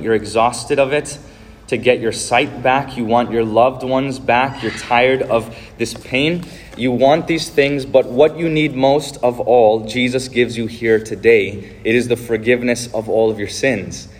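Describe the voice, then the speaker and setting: A man's voice: mid-range voice, slight background noise. A male pastor giving a sermon, speaking earnestly and directly to his congregation.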